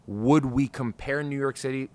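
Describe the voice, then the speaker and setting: A man's voice: medium pitch, fairly even intonation, moderate pace, a little mellow. Male podcast host, casual and scattered, profane, rambling solo talk, mid-range voice. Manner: frustrated, rambling, swears freely. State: over-caffeinated, scattered. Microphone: podcast microphone.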